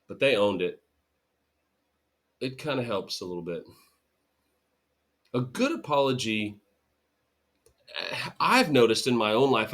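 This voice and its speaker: An earnest man hosts his own podcast and talks straight to the listener about relationships. His delivery is animated, and he often acts out what people say. His voice sits at a middling pitch for a man. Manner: earnest, animated storytelling with acted-out quotes. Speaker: podcast host. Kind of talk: solo podcast talk.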